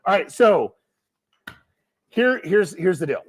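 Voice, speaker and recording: A man's voice: high-pitched, sing-song, slow pace. A middle-aged man hosting a livestream from a film set, casual, playful and jokey, rambling as he talks. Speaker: show co-founder and livestream host.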